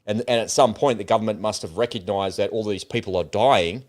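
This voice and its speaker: A man's voice: fairly low pitch, a little fast, darkish tone. A man hosting a casual talk show, retelling a video he watched in a conversational, storytelling way. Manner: storytelling, relaying a video at length. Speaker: host.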